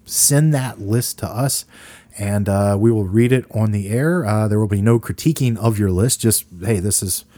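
A middle-aged man with a low, mellow voice hosting a casual movie podcast. He rambles and jokes his way through anecdotes into a close, dry mic. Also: normal speed, no room sound. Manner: rambling, joking, laid-back storyteller. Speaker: podcast co-host.

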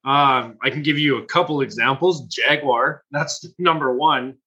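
A man's voice: mid-range voice, a little slow, bright, forceful tone, slightly rough, low-quality recording. A man co-hosting a podcast, chatting in an easygoing way and laughing along. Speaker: podcast co-host. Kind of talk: casual podcast chat.

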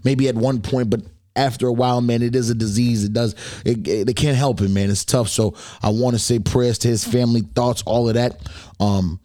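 A man talks loosely and in slang as he hosts his own podcast, speaking straight to his listeners. His voice is a little worn from talking so much, and his pitch sits in the everyday middle range. The recording is dry and close, with no room echo. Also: steady tone, moderate pace, dark tone. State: slightly losing his voice. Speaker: podcast host. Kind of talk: casual solo podcast talk.

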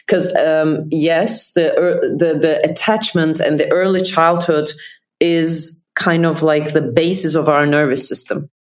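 A woman therapist explaining nervous system ideas in a thoughtful, explanatory way, often pausing to rephrase. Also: deep voice. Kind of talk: casual conversation.

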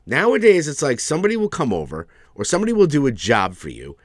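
Animated, profane male podcast co-host. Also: medium pitch, quick pace, dry recording, studio quality. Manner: ranting, swears freely, animated. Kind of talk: casual podcast chat.

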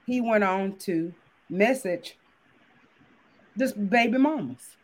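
A woman's voice: medium pitch, expressive, slow pace. A woman co-hosting a casual podcast chat, telling a story earnestly and insisting it is true. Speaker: co-host.

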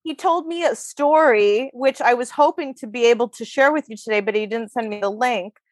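Speaking briskly in a slightly high voice with no room sound, a woman co-hosts a podcast. She spins out a long, chatty story full of swearing and laughter in a casual chat.

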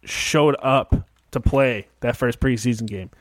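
A man with a Chicago accent co-hosting a casual sports chat, relaxed, laughing easily and swearing. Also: mid-range voice, a little slow, dry recording, clean studio sound. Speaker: podcast co-host.

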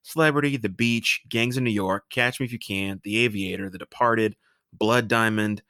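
A man's voice: on the low side, moderate pace, bright, forceful tone, no room sound, studio quality. A man co-hosting a podcast, talking casually about a film with hesitant restarts. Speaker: podcast co-host.

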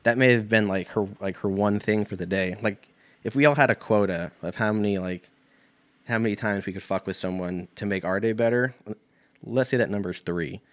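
A man's voice: lowish voice, normal speed. A young man talking in a rambling, profane, laid-back comedic monologue full of fillers.

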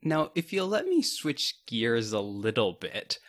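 A man hosting a podcast, asking his guest questions in a measured, polite way. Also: medium pitch, very animated, fairly bright tone. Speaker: podcast host. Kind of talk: interview questions.

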